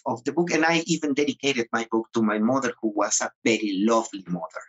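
A man being interviewed about his book speaks with a husky, breathy voice at an ordinary middle pitch. He talks earnestly and haltingly, often repeating words and restarting sentences. He is from the Mayan highlands. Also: fairly bright tone, low-quality recording. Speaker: author and guest. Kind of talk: interview conversation.

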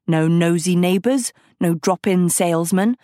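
A woman voicing a gloomy, sardonic teenage girl, a blunt loner, with a flat, dry delivery. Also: fairly low pitch, a little slow, no room sound, natural voice.

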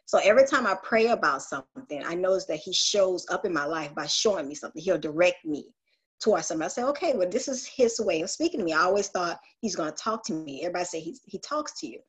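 A woman with a slightly low voice shares a personal story of faith and prayer. She talks earnestly and confessionally, circling back and restarting her thoughts as she goes. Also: quick pace, a bit bright, husky. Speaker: group call participant. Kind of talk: heartfelt spiritual sharing.

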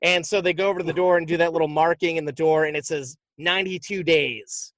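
A man's voice: on the high side, fast talker, no room sound. A man co-hosting a podcast, casually and animatedly retelling a movie plot and swearing freely. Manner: animated, profane storytelling. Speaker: podcast co-host.

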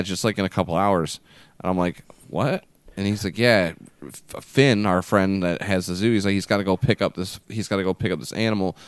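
A man co-hosting a podcast, telling long, rambling anecdotes full of swearing and filler words. His voice is very deep and smooth. The recording is dry and close. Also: no room sound. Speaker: podcast co-host. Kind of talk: casual chat.

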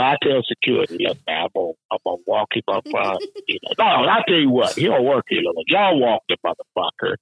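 A man telling a rowdy work story in casual chat, profane, animated and laughing often. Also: medium pitch, creaky, breathy edge, dry recording, highs cut off.

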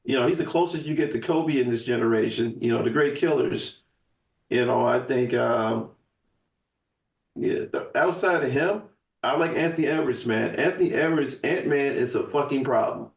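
A man's voice: medium pitch, moderate pace, creaky. A man talking in a casual podcast chat as the guest, emphatic and profane, rambling with restarts. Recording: echoey room, voice from far off the mic.

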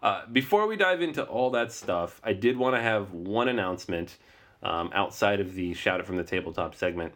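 Host, man in his thirties, low voice, easygoing chatter, frequent laughs. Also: normal speed. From Seattle, US Pacific Northwest. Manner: relaxed, laughs often, rambling asides. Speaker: podcast host. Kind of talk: casual podcast chat. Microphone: remote call recording.

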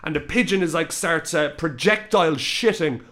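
Animated man in his thirties telling a story. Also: a little high, normal speed. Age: 30s. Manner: animated, swearing, laughing through the story. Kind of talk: casual storytelling chat.

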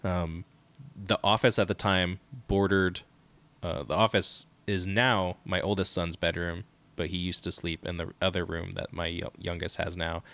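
A man in his thirties, co-hosting a parenting podcast in casual chat, telling animated stories with laughs. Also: low-pitched, normal speed. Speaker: podcast co-host.

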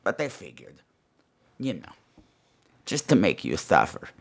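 A man voicing a gleeful, vicious male gargoyle on a comedy podcast, gloating and swinging between shrill squeals and low growls. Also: huge pitch swings, measured pace, vocal fry, a bit bright, breathy edge, heavily acted. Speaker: podcast host. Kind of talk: comedy podcast character monologue.

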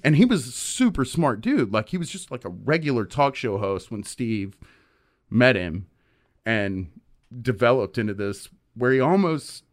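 A man's voice: mid-range voice, very animated, measured pace. Male podcast host, loose rambling storyteller, lots of fillers and restarts. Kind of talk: casual chat.

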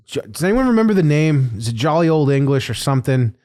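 A man's voice: a little high, quick pace. A man hosting a podcast in casual chat, telling a story with lots of laughter. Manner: animated storytelling, laughing often. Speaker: podcast host.

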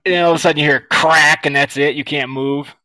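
A man's voice: on the high side, fairly even intonation, fast talker, sharp tone. A man co-hosting a casual podcast, joking crudely and laughing. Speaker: podcast co-host.

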